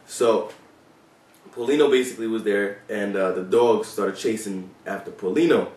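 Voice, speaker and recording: Low-voiced man in a roomy, distant recording. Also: moderate pace, darkish tone. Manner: loose and profane, with many fillers. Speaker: former police officer telling stories. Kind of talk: casual storytelling vlog. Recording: roomy sound from away from the mic.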